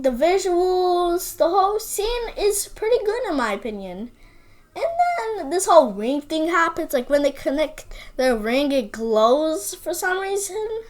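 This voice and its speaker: A woman giving a casual, rambling movie review, opinionated and full of "like" and repeated phrases. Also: high-pitched.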